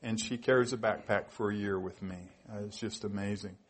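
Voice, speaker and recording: A man's voice: fairly low pitch, steady tone, fairly quick. A man in his sixties preaching a sermon, telling personal stories with emotion, his voice catching with tears. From United States. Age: 60s. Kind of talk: sermon testimony.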